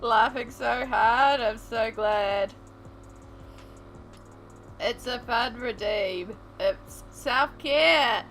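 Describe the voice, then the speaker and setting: A woman's voice: fairly high pitch, steady tone, drawn-out words, long pauses, fairly bright tone, soft background music, low-quality recording. A woman streamer chatting casually to her viewers while colouring, giggling often. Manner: chatty, giggly, talks to chat.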